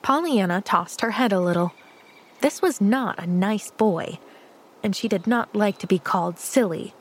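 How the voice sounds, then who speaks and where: A woman narrating a children's classic as an audiobook, with gentle, measured storytelling. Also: medium pitch, husky.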